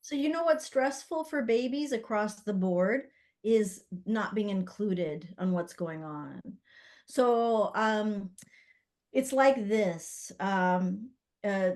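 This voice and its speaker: A middle-aged woman, a doula, telling stories in a casual interview, animated and full of fillers as she acts out what others said. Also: medium pitch, slow pace. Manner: animated, acts out quoted voices with many fillers. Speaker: guest, doula and spirit baby psychic.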